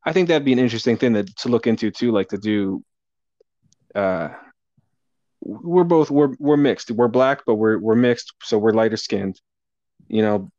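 A young man in casual conversation, talking in a relaxed, reflective way. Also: fairly low pitch, normal speed, long pauses, dry recording. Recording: dull lo-fi sound.

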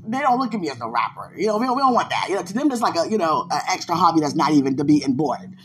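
Lively woman preaching casually. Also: low-pitched, very fast, slight background noise. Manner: animated, laughs often, talks to listeners directly. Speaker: podcast host, preacher and gospel rapper.

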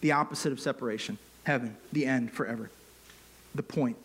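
A man's voice: mid-range voice, a little fast, a bit bright, husky. A man preaching a sermon, earnest and unscripted, with fillers and rising emphatic peaks. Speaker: pastor.

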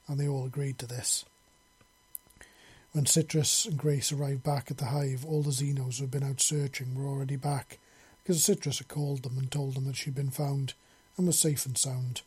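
Husky male storybook narrator. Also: mid-range voice, normal speed. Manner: steady, storytelling.

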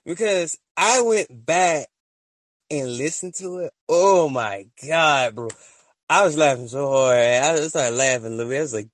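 A man hosting a casual solo podcast, rambling and excitable, full of slang and often laughing at his own stories. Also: on the high side, moderate pace. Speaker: podcast host.

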